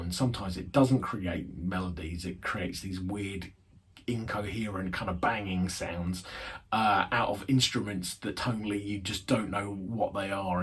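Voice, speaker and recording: A man's voice: on the low side, fairly bright tone, breathy edge. A man giving an unscripted film review, rambling with many fillers and hedges.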